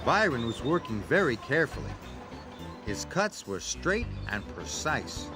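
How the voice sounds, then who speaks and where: A man narrating a children's story aloud in a slow, read-aloud manner. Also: medium pitch, big pitch swings. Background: background music.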